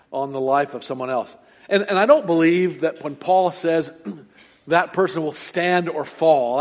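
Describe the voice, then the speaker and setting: Male pastor, sermon delivery, earnest with emphatic peaks, slightly high voice, dull lo-fi recording. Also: long reverb tail. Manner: earnest preaching with sudden emphatic rises; stumbles and restarts between points. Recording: muffled lo-fi recording.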